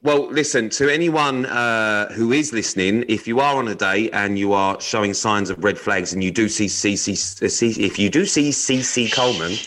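Sweary man, low voice. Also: moderate pace, hardly any pauses, a bit bright, low-quality recording. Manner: sweary, joking, reads news aloud. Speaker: podcast co-host. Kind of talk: casual podcast chat.

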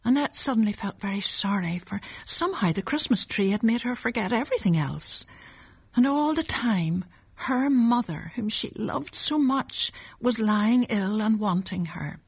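A woman reading a story aloud, softly and often in a half whisper. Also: medium pitch, expressive, moderate pace, gravelly, breathy edge.

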